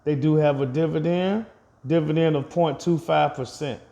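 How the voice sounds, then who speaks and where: A man's voice: on the high side, fairly even intonation, moderate pace, creaky, warm tone. A man vlogging a casual update on his investments, chatting directly to his viewers and laughing off his own slips.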